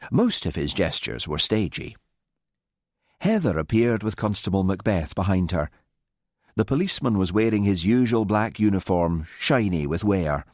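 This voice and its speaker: A man narrating a mystery audiobook in a measured, expressive storytelling manner. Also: deep voice, no echo, studio quality. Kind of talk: scripted narration.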